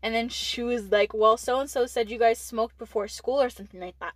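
A woman's voice: on the high side, fairly even intonation, a little fast, no room sound, low-quality recording. A teenage girl from Texas telling a school story in casual chat, rambling with lots of "like" and frequent swearing. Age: late teens. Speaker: podcast co-host.

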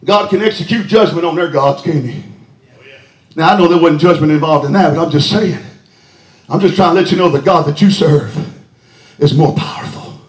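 A man preaching a sermon, shouting out a story with frequent "uh" and hallelujahs. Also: a little high, moderate pace, long pauses. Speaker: pastor. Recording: echoey church with music behind.

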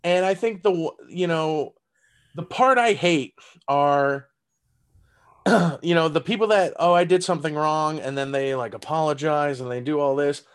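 Higher-pitched Southern-accented man, laughing a lot. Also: unhurried, smooth. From Texas. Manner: animated, laughs often, loose with fillers and profanity. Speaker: stand-up comedian guest. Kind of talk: casual podcast chat.

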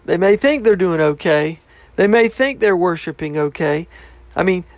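A man reading scripture aloud and explaining it in an earnest, reflective way, sometimes dropping to a hushed voice. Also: sits high, creaky, no room sound. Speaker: Bible teacher.

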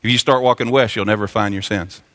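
A male pastor delivering a sermon in a church sanctuary, his voice bright and forceful. He repeats key phrases and swells to fervent peaks. The room carries a long, ringing reverb. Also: on the low side, steady tone, quick pace.

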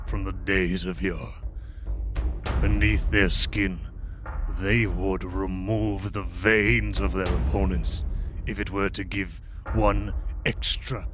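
A man giving a mock-dramatic, deadpan narration as a player in a tabletop game. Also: low voice.

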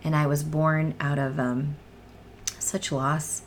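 A woman telling her own story as a guest in an emotional, earnest way, sometimes sinking into soft near-whispers. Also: sits low, little pitch movement, slow pace, a little hiss or hum. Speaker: guest sharing her testimony. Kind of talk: emotional personal testimony in a podcast chat.

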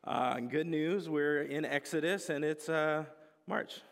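A young man preaches with a relaxed, joking storyteller's manner and a fairly high voice. His voice carries a long reverb, as if filling a large church hall. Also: measured pace, gravelly. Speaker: pastor. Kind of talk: sermon.

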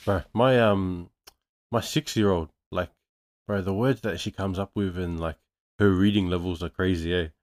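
A relaxed man hosting a podcast, his voice on the low side. He talks in an unhurried, slightly hesitant way, with fillers as he gathers his thoughts. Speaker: podcast host. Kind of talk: casual chat.

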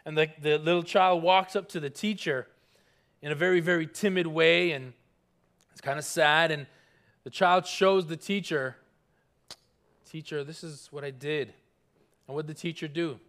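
Male pastor, high-pitched voice, earnest emphatic sermon delivery, slows for scripture, call-and-response. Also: a bit bright. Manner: slows down on scripture, stressing single words.

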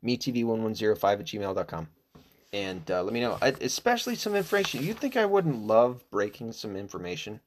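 A man's voice: lowish voice, lively intonation, brisk. A middle-aged man hosting a podcast, talking in a crude, rambling, casual monologue and laughing at himself. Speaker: podcast host.

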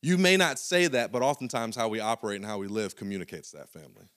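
A young man preaching a sermon as pastor, talking to the congregation in a relaxed, storytelling way with earnest stretches. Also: on the low side, fast, no echo, studio quality. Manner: conversational storytelling with animated quoted voices; soft, earnest prayer voice.

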